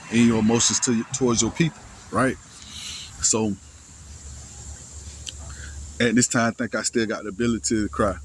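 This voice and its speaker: Low-voiced young man telling a story. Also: slight background noise, rough recording. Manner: halting, slangy and profane, with frequent restarts and sighs. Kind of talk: casual first-person storytelling.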